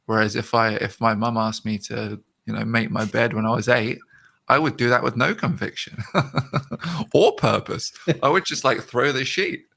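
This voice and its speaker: A man's voice: medium pitch, normal speed, creaky. A British man hosting a casual chat, laughing often as he talks. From Britain. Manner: laughing, animated, swearing casually. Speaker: host.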